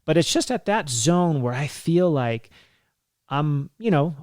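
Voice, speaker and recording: Chatty man in his forties, smooth voice. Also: a little high, animated, unhurried, no room sound, clean studio sound. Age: 40s. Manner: chatty, laughs often, many fillers. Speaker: physician podcast host. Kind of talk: casual health talk.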